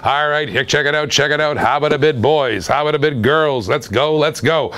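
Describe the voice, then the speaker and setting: A man hosting a live-stream auction, excitable and laughing often, repeating his phrases. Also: fairly high pitch, fairly quick, no room sound.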